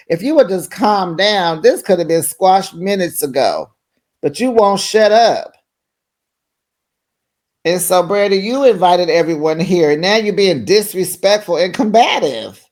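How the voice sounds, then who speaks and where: A reality TV recap host talking through an episode in a loose, chatty way. The voice swings widely up and down in pitch. The delivery is unhurried and drawn out, with frequent laughter. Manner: animated, slips into voices when quoting people; laughs often. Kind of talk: casual recap commentary.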